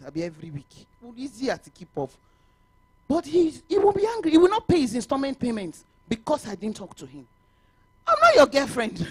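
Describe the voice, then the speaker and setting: Nigerian woman, conference speaker, lively pitch, dry close sound, mixes Yoruba and English. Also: no echo. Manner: animated, mixes Yoruba and English, laughs often. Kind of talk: motivational talk to realtors. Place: conference hall.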